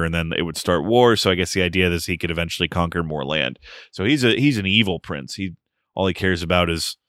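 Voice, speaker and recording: A man's voice: fairly low pitch, pushed and bright, clear, resonant tone, no echo, studio quality. A man co-hosting a podcast, casually recapping a film's plot with joking asides. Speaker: podcast co-host. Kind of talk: casual movie review chat.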